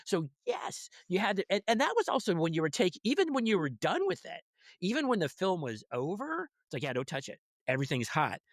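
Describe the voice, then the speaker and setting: A man's voice: sits high, wildly swooping pitch, a little fast, dry recording, clean studio sound. A middle-aged man co-hosting a podcast, rambling wryly and mock-quoting people. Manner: rambling with restarts, wry, mock-quotes people. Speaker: podcast co-host. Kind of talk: casual chat.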